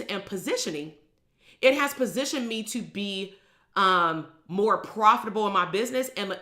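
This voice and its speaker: A woman's voice: mid-range voice, bright, forceful tone. A woman, talking bluntly and emphatically as a business coach on a live stream. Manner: blunt, emphatic, swears freely.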